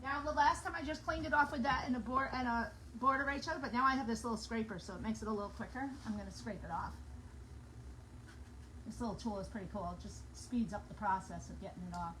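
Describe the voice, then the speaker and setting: A woman's voice: fairly high pitch, quick pace, background noise. Chatty woman demonstrating crafts in a kitchen. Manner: chatty, bubbly, talks while working. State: out of breath. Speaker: craft vlogger. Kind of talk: casual demo chat. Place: home kitchen.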